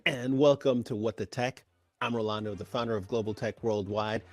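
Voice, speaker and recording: A man's voice: fairly low pitch, moderate pace, over loud music. Hype-driven male podcast host. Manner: energetic, hype introductions with laughter. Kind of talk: upbeat show hosting.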